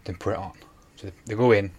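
A man's voice: fairly low pitch, steady tone, quick pace, darkish tone, breathy edge. Rambling man, casual. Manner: rambling retelling with many fillers. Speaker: podcast co-host. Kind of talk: casual chat.

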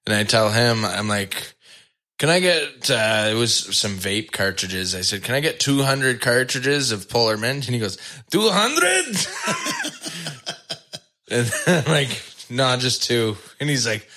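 A man hosting a podcast, who tells stories in an animated way and laughs often. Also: medium pitch, moderate pace. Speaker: podcast host. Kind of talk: casual interview chat.

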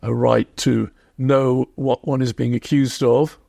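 A man being interviewed as a historian, explaining in a reflective, measured way. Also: medium pitch, flat delivery, vocal fry, warm tone, no echo, clean studio sound. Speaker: historian guest. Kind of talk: podcast interview.

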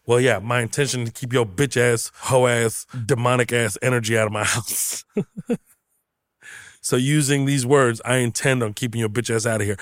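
A man hosting a comedy podcast, joking loudly and profanely in casual chat. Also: medium pitch, no room sound, studio quality. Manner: loud, profane, animated joking. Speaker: podcast host.

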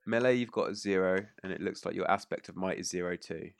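A man running a tabletop game as game master, narrating casually with many fillers and quick rulings. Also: sits low, gravelly, dry recording.

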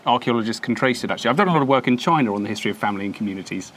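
A man's voice: mid-range voice, lively intonation, racing, a bit bright, slight background noise. Chatty man musing outdoors. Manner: chatty, musing, with frequent ums. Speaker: podcast co-host. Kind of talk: casual chat. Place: windy courtyard outside a church.

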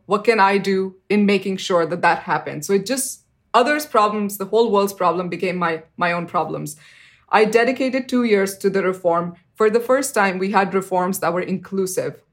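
A woman in her thirties, an interview guest, telling a personal story earnestly, with fillers like "you know" and sudden jumps up in pitch when she acts out what people said. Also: normal speed. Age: 30s.

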